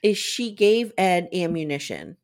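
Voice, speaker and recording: A woman co-hosting a casual recap podcast, retelling scenes and quoting lines with quick asides. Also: on the low side, big pitch swings, darkish tone. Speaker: podcast co-host.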